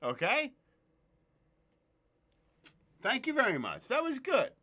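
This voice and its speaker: A man hosting a casual livestream, excitable and profane, greeting viewers in the chat by name. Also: very high voice, slow. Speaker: livestream host.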